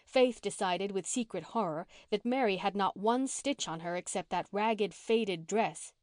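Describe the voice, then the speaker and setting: Narrating a classic novel for an audiobook, a woman with a mid-range voice reads from a script in an even, measured style. The studio-quality recording has no echo.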